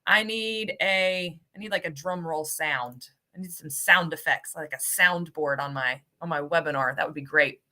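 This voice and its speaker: A woman's voice: low-pitched, moderate pace, few pauses, bright, forceful tone. A woman hosting a live webinar, upbeat and cheery, calling out giveaway winners and stumbling over their names. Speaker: host, ESL program coordinator.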